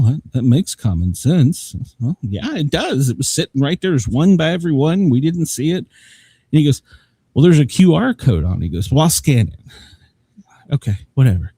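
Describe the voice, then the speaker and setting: A man's voice: on the high side, darkish tone, slightly rough, dry recording. A man telling a long, rambling story in casual chat as a show host, laughing often. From Southern United States.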